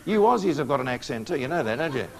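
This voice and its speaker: A man's voice: mid-range voice, very animated, racing, vocal fry. A man preaching a prophecy lecture to a live audience, coaxing responses with questions and joking asides.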